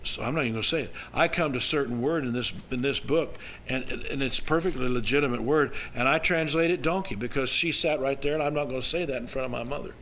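A man's voice: medium pitch, fast talker, hardly any pauses, a bit bright, slight background noise, rough recording. Older man preaching a folksy sermon. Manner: folksy storytelling with emphatic rises. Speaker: pastor.

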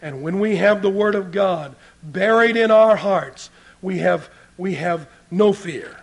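A man preaching a sermon, moving between loud emphatic points and quiet asides to the congregation. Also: high voice, unhurried, gravelly, husky.

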